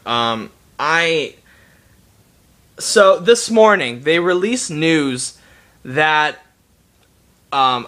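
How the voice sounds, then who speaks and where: Angry high-pitched man ranting. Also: bright, forceful tone. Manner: heated, profane, repeats and restarts himself. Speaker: gaming vlogger. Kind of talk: angry rant to camera.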